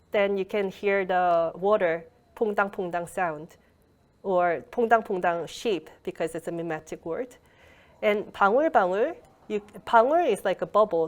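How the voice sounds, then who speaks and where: A woman's voice: mid-range voice, darkish tone. A woman teaching a language workshop over a video call, explaining patiently with frequent fillers and restarts. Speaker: Korean language lecturer. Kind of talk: online workshop lecture. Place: online video call lecture.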